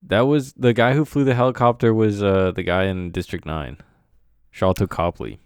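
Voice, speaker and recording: A man with a somewhat low voice chatting on a podcast. His humor is dry and deadpan. The sound is dry and close, with no room echo. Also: normal speed, clear, resonant tone. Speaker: podcast co-host. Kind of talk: casual chat.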